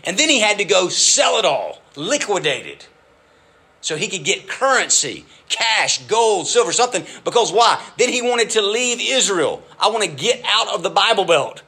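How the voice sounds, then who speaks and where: A middle-aged man preaching a sermon in a lively, conversational way, with frequent asides to his listeners. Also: sits high, moderate pace, breathy edge. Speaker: pastor.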